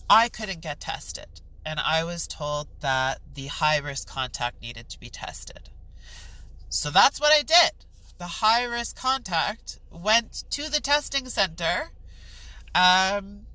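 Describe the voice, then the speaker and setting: A woman's voice: fairly low pitch, bright, forceful tone, dry recording, low-quality recording. A young woman, ranting to the camera in a storytime vlog, exasperated and swearing. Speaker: vlogger.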